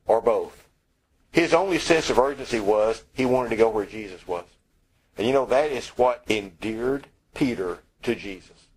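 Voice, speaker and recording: Husky-voiced male preacher, conversational sermon. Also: mid-range voice, animated, normal speed, rough recording. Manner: conversational, wry, acts out quoted lines.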